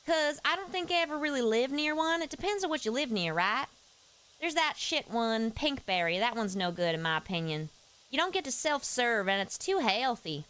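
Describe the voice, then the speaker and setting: A woman's voice: a little high, animated, normal speed, a bit bright, smooth, poor audio. A woman putting on a folksy, chatty Southern persona with a Southern US accent while chatting on a live stream. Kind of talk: casual live-stream chat.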